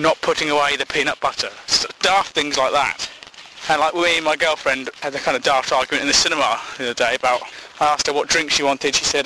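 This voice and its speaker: A man rambling through a silly comic monologue, out of breath and amused at his own jokes. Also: background noise. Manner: silly, self-amused, jumps into high put-on voices. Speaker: comedy podcaster.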